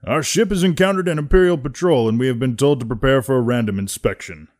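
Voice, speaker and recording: A man's voice: mid-range voice, fast, background noise, voice pushed up, natural voice. A man voicing an older starship captain making a formal announcement in a voice audition. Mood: announcing. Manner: announcing over ship intercom. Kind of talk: voice audition reading.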